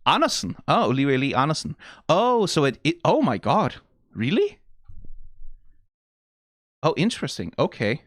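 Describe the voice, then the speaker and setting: A man's voice: a little high, huge pitch swings, moderate pace, pauses often, no room sound, clean studio sound. Profane Danish man reacting to a game. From Denmark. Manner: rambling and profane, lots of "like". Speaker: reaction video host. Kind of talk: casual reaction commentary.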